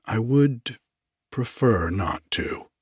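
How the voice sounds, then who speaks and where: Man voicing a pale quiet clerk who just won't budge, soft and slow, husky low storybook voice. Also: lively intonation, dry recording, studio quality. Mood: mild refusal. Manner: mild, slow, quietly unyielding. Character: pale, meek, stubbornly passive male scrivener.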